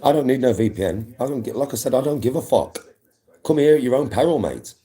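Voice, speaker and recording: A man's voice: mid-range voice, animated, quick pace, mellow. A man, a livestream host, ranting at live viewers in an aggressive, defiant, swearing way.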